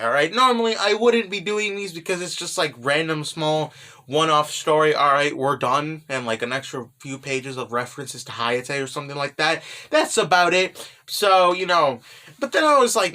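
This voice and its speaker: High, bright-voiced young man recapping. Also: expressive, normal speed. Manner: rambling, full of "you know" and "right?". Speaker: manga recap YouTuber. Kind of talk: casual chapter recap.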